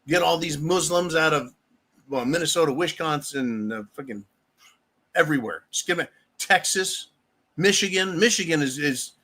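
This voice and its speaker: A man's voice: a little high, bright, forceful tone. A man from the United States hosting a live show, ranting bluntly and profanely in a rambling, casual way. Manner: reads viewer messages aloud. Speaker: livestream show host. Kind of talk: casual livestream rant.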